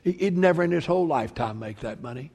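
A man preaching a sermon as pastor, telling a parable and swinging between loud emphasis and hushed, quiet lines. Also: fairly high pitch, animated, quick pace, creaky, husky. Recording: long reverb of a large hall.

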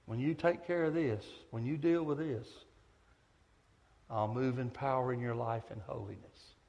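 A man preaching a sermon, telling stories with big swings from loud to hushed. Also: medium pitch, normal speed, creaky, muffled recording. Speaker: pastor, visiting preacher. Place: church sanctuary. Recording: echoey church hall.

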